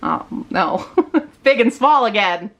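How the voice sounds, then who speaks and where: A woman booktube vlogger chatting casually about her reading list, animated and excitable, sometimes squealing with surprise. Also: medium pitch, slow, lo-fi sound, music in the background. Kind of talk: casual chat, reading book blurbs aloud.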